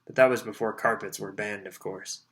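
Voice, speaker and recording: A man's voice: on the low side, steady tone, normal speed, a bit bright. A man voicing a stiff, precise elderly official in an audiobook, speaking in a clipped, dry, impatient manner. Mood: curt.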